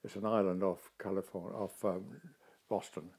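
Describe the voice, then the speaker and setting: A man's voice: deep voice, moderate pace, slightly rough. An older man, an actor, talking in a casual interview and telling stories expressively. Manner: expressive, animated storytelling.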